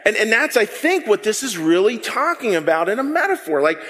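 A man preaching a sermon, animated and repeating words as he builds his point. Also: sits high, brisk, big-room sound. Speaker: pastor.

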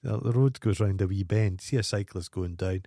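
A man's voice: lowish voice, moderate pace, gravelly, mellow, no echo, studio quality. A man with a Scottish accent, co-hosting a podcast, chatting and reacting with jokes and swearing. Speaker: podcast co-host. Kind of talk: casual chat.

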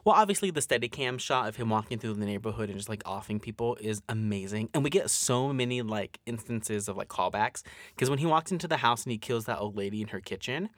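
A man co-hosting a podcast in casual chat, animated and profane, acting out quotes. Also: fairly low pitch, fast, no echo, clean studio sound. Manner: animated, swears a lot, acts out quotes. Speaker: podcast co-host.

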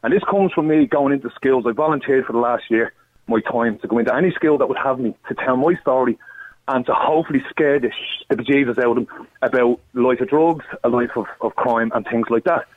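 A man with an Irish accent calling into a radio show, telling his own story in an earnest, rushed way. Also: medium pitch. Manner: earnest, rushed, tumbling words. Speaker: phone-in caller. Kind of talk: emotional personal testimony. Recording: phone line.

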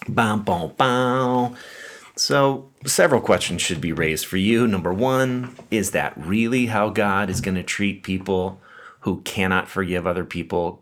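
A man's voice: deep voice, a bit bright. A man preaching a sermon in a conversational way, reading scripture and explaining it with asides. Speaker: pastor.

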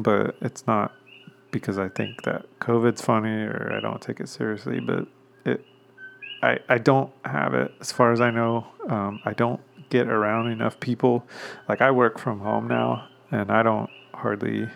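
A man hosting a casual solo podcast, rambling along with many pauses and restarts and chuckling at himself now and then. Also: fairly low pitch, creaky, a little hiss or hum. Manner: chuckles self-consciously. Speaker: podcast host.

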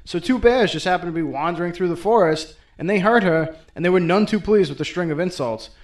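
A man retells a folktale as host, with a fairly high voice and an irreverent, profane, wisecracking delivery. His comedic asides come in a casual talking tone. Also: a little fast. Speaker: host and storyteller. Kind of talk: comedic folklore storytelling.

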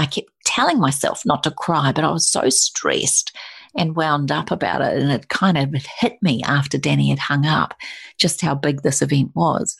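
A middle-aged woman recounting a personal story with a low, gravelly voice. Her tone is husky, and she tells it with feeling, stumbling and restarting as she goes. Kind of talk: personal anecdote in conversation.

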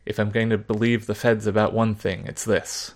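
A man's voice: lowish voice, flat delivery, normal speed, natural voice. A man voicing a paranoid, fervent middle-aged father who rails about communists in a spoken story. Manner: fervent, conspiratorial, emphatic.

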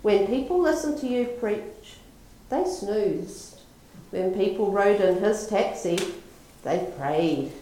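A woman voicing a gentle, knowing male Saint Peter at heaven's gate, in an echoey room. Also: medium pitch, lively intonation, unhurried, slight background noise, natural voice. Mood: gently knowing.

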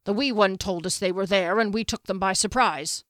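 A woman's voice: medium pitch, normal speed, a bit bright, dry recording, studio quality, lightly acted. A woman reading a male dwarf fighter in an audiobook, answering in short, blunt phrases.

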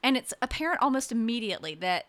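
A woman co-hosting a podcast, telling an animated story in casual chat and acting out the voices of people she quotes. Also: a little high, fast. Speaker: podcast co-host.

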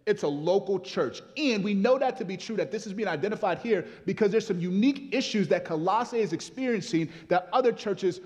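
A male pastor preaching a sermon, swinging between loud emphatic lines and hushed ones, with casual asides and laughter. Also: sits high, lively intonation, fairly quick, few pauses. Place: church sanctuary. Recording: long reverb of a church hall.

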